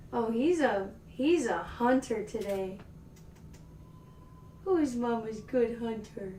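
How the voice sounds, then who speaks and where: High-pitched woman coaxing her cats. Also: lively intonation, slow, long pauses, mellow, a little hiss or hum. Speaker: livestream host. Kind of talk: casual chat playing with her cats. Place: indoor room at home. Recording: echoey room, mic far off.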